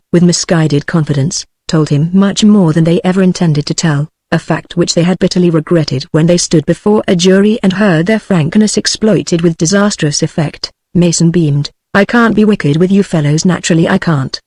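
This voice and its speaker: A British English female synthetic voice narrating an audiobook with even, phrase-by-phrase delivery. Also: lowish voice, no echo. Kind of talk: text-to-speech book reading.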